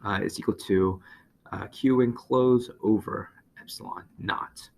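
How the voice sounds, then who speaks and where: A man teaching physics, working through a problem aloud with many fillers and quick self-corrections. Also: lowish voice, steady tone, vocal fry, a little mellow, slight background noise. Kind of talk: lecture over a whiteboard.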